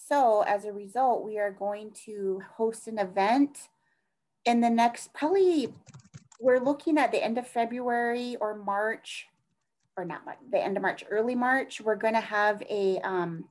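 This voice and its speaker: In a conversational interview, a middle-aged task force advocate speaks in a medium-pitched, darkish voice. She rambles earnestly, regularly losing the thread and beginning her thoughts again. The audio is poor.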